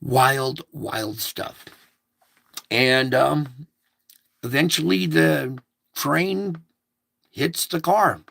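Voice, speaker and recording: Gravelly man telling a dream story. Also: a little high, extremely slow, long pauses, fairly bright tone. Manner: rambling, repetitive, breaks off to fiddle with equipment. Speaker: storyteller recounting a recurring dream. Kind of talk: casual spoken monologue.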